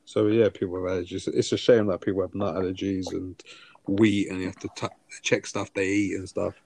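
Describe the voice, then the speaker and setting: A man's voice: low voice, level tone, fairly quick, vocal fry, darkish tone. A man co-hosting a podcast, chatting casually and teasing his co-host. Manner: banter, swearing, teasing. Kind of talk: casual chat.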